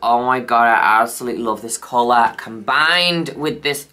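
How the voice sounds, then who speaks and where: A woman's voice: extremely low pitch, normal speed, bright, forceful tone, soft background music. A woman reviewing makeup in a casual vlog, gushing, cheeky and chatty. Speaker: makeup vlogger.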